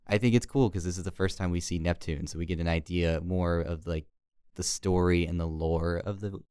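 A man retells a cartoon episode for his co-host in a loose, rambling way. His voice is very low and smooth, recorded close and dry. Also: darkish tone, no echo. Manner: rambling, filler-heavy storytelling. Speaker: podcast co-host. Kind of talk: casual episode recap.

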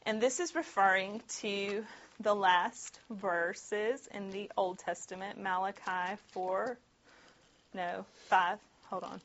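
A woman's voice: mid-range voice, steady tone, slow, fairly bright tone, highs cut off. A woman teaching a group Bible study in a casual, conversational way, laughing often and tossing in asides.

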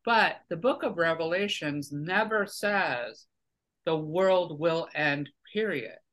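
A man's voice: on the high side, animated, takes it slowly, fairly bright tone. A man as a podcast guest, arguing his points emphatically in casual conversation. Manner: emphatic, argumentative, lecturing.

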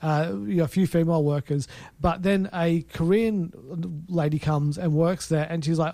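A man's voice: fairly high pitch, fairly even intonation, normal speed, dark tone, no room sound. A man co-hosting a film podcast, chatting casually with many fillers and restarts. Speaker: podcast co-host. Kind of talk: casual film review chat.

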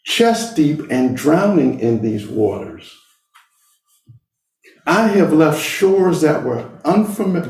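Slow, earnest middle-aged man, roomy distant sound. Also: mid-range voice, a little mellow. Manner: slow, deliberate, earnest, with long pauses. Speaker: speaker. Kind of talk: personal storytelling talk.

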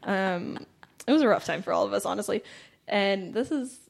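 A woman's voice: mid-range voice, lively intonation, normal speed, gravelly. A young woman comedian telling a story in casual conversation, laughing often and acting out the voices in her tale. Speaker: comedian guest.

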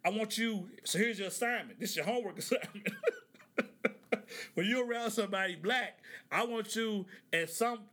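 High bright-voiced man joking around. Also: moderate pace. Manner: animated, joking, laughs often, reads articles aloud with asides. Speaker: podcast host. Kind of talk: casual comedic commentary.

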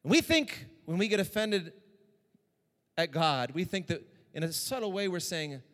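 Animated preacher in an echoing hall. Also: male voice, sits high, moderate pace. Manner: animated, repeats lines for emphasis. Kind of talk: sermon.

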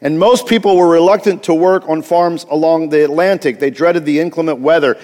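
A man's voice: on the high side, fairly even intonation, brisk, darkish tone, big-room sound. A male pastor preaching a sermon, telling a story with frequent restarts and asides.

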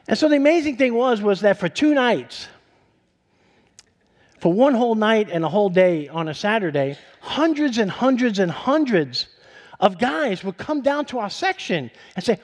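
A man with a high, bright speaking voice delivers a sermon to his congregation. He tells stories from his own faith with growing excitement. His pitch shoots up at the dramatic points. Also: moderate pace. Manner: storytelling, voice rising high with excitement. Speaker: pastor.

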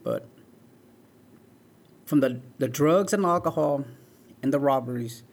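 A forties-aged interview guest, he talks a little slowly with vocal fry at a medium pitch. His life story comes out earnestly, peppered with "man" and "right."

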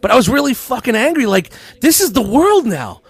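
A very high, slightly breathy male voice, talking a little fast with no echo, belongs to a middle-aged podcast host recounting an angry tale. He curses nonstop, gets animated, and performs both sides of the argument with a raised voice in this casual, profane storytelling.

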